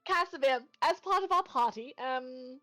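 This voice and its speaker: A woman's voice: high voice, normal speed, pushed and bright, soft background music. A woman playing a tabletop game, giggly and playful as she talks. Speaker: player.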